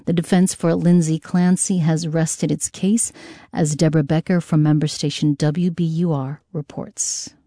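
A woman newscaster reading a scripted news bulletin in a measured, even delivery. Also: sits low, no room sound, studio quality.

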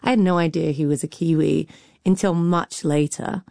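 Female critic, frank and wry, low warm tone, dry studio. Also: fairly even intonation, moderate pace, vocal fry, no echo. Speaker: critic and cultural commentator. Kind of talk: radio arts discussion.

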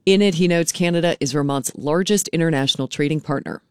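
A female local news host reads the morning headlines in a steady, clear announcer voice. The studio sound is dry and close to the mic. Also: sits low, fast talker, no room sound. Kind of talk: local newscast and station announcements.

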